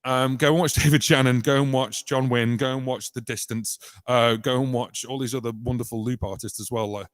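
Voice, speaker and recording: A man's voice: mid-range voice, steady tone, a little fast, few pauses, no echo. A British man hosting a casual live-stream tutorial on looping, talking in a chatty, rambling way with many ums and restarts. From United Kingdom. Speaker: loop musician and channel host. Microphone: vocal mic through a vocal effects unit.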